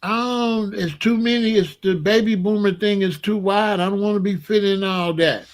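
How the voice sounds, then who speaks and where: A man in his sixties giving a rambling comedic monologue as host, telling stories with animated disbelief and laughter. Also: high-pitched, moderate pace. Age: 60s. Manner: animated, incredulous storytelling with laughs.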